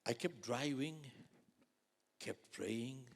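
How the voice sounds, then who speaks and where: A man in his sixties from India, giving a dramatic storytelling keynote that swings between loud outbursts and near whispers. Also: mid-range voice, extremely slow, vocal fry. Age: 60s. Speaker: motivational speaker.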